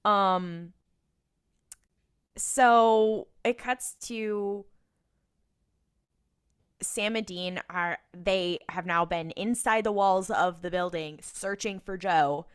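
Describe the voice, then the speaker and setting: Woman, podcast co-host, casual recap, smooth clear voice, mid pitch, animated. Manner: animated storytelling with quick voiced impressions of characters.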